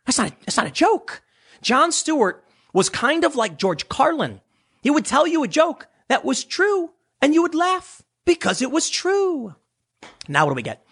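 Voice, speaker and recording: A man's voice: very high voice, very animated, measured pace, a bit bright. A man delivering an opinionated commentary monologue, sarcastic and mocking, slipping into impressions of others. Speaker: political commentator.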